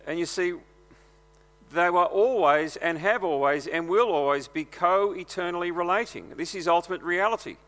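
A man preaches from the front of a large church, his voice pitched high and bright. It rings out with a long reverb from the hall around him. He talks in an earnest, conversational way, as if chatting with the congregation. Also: moderate pace. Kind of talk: sermon.

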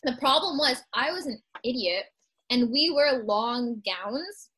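A woman's voice: on the high side, expressive, takes it slowly, a bit bright, husky, low-quality recording. A young woman chatting over a video call, telling funny stories with giggles and animation. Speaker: student panelist. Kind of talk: casual chat, storytelling.

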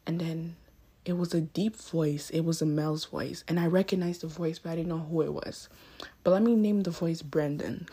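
A young woman in her late teens tells a story on her own podcast, and her lowish voice has a husky, breathy edge. She rambles and corrects herself mid-sentence, checking in with the listener as she goes. It sounds like she is talking straight into a phone. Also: mellow. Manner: rambling, self-correcting, frequent "you know what I mean". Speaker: podcast host. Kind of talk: casual storytelling monologue. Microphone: phone mic.

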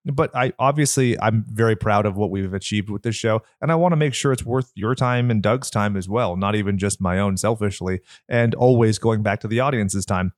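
A man with a nasal voice co-hosting a podcast, talking in a rambling, candid, lively way. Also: on the low side, a little fast, hardly any pauses, no echo. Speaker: podcast co-host. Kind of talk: casual podcast chat. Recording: dry close mic.

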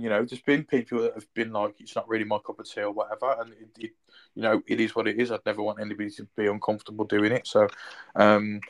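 A man's voice: on the low side, gravelly. Chatty man hosting a podcast. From Birmingham, England. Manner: chatty, storytelling, lots of ums. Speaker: podcast host. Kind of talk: casual chat.

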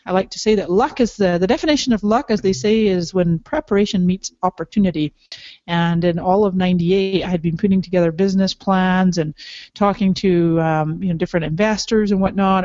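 A woman's voice: fairly low pitch, a little mellow, dry recording. A middle-aged woman with a slight Scottish accent, an upbeat guest telling her story in a podcast interview with frequent laughs. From Canada, raised partly in Scotland. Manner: upbeat, enthusiastic, laughs often. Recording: dry, slightly dull audio.

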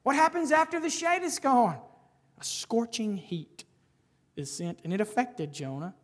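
A man preaching a sermon in a conversational, animated way, often checking in with his listeners and rising to stress points. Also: extremely high pitch, unhurried. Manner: conversational, frequent "right?" asides. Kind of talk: expository sermon.

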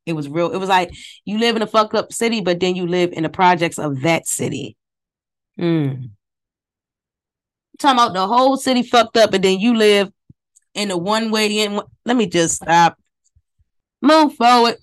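This podcast host has a mid-range, animated voice and a moderate pace broken by long pauses. Speaking close to a phone microphone, she rambles casually, swears often, strays from the subject and talks directly to her audience.

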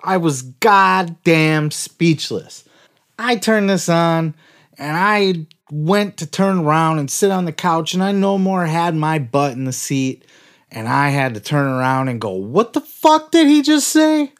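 Guy hosting a comedy podcast, swears a lot, rants and blows up, drags his words out slow. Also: fairly high pitch. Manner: profane, excitable, ranting. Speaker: podcast host. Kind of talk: comic podcast rant.

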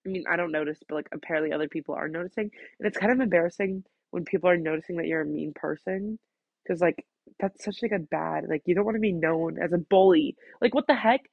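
A woman's voice: on the low side, fast talker, vocal fry, no room sound. A teenage girl venting to the camera from her bedroom in a chatty, casual rant, filling every phrase with "like" and swearing freely. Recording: dull, lo-fi dry recording.

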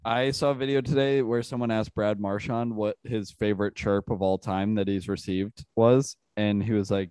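A young man with a fairly low voice talks easily on a podcast and wraps up the episode. His voice sounds close and dry. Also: fairly even intonation, normal speed, few pauses, darkish tone, smooth, no room sound. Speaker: podcast co-host. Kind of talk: casual chat.

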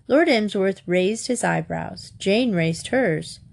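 A woman reads a comic novel aloud in a wry, expressive way. Her medium pitch moves with a lively, animated range. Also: slow, creaky, hardly any pauses. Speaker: narrator. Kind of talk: audiobook narration of a comic novel.

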